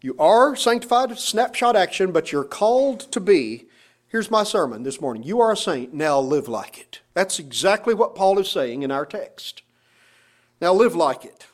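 A man's voice: high-pitched, expressive, moderate pace. A middle-aged man, a pastor, preaching a sermon with rising emphasis and pointed rhetorical questions.

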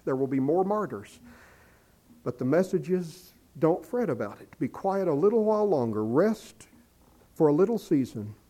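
A man preaching a sermon, earnest and pleading, who rises to emphatic appeals and drops low to quote scripture. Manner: quotes scripture in a quiet lowered voice.

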